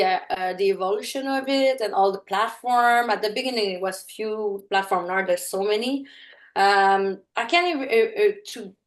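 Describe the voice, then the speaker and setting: Halting French Canadian woman guest. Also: mid-range voice. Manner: halting, searching for English words; bubbly, open. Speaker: interview guest. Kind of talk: casual interview chat.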